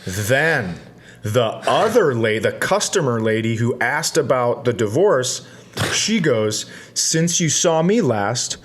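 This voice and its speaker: A man co-hosting a podcast, telling a rambling comic story with self-mocking asides and deadpan punchlines. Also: medium pitch, slow.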